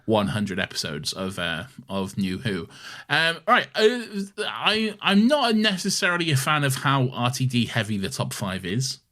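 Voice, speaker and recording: Deadpan British man, lively pitch. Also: normal speed, few pauses. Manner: dry, deadpan teasing. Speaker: podcast co-host. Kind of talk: casual chat.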